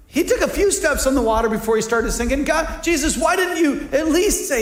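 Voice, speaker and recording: High-voiced preacher in an echoey hall. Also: male voice, big pitch swings, fairly quick, few pauses. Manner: dynamic preaching, acts out voices with big pitch swings. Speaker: pastor. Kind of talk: sermon.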